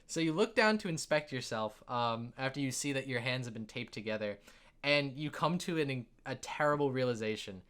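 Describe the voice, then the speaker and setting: A man's voice: mid-range voice, animated, normal speed, fairly bright tone, smooth. A man narrating as game master of a tabletop game in a casual, filler-heavy way, laughing often.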